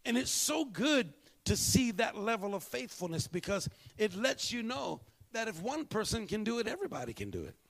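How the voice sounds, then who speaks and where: A male pastor delivers a sermon in a high, gravelly voice. He tells his story in a preaching rhythm, dropping to hushed, slow lines and then rising to emphatic bursts. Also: sing-song.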